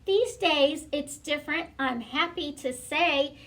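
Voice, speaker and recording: School librarian lady reading a picture book to kids, high voice, gentle, lots of ums. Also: slow. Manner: gentle, hesitant with frequent fillers.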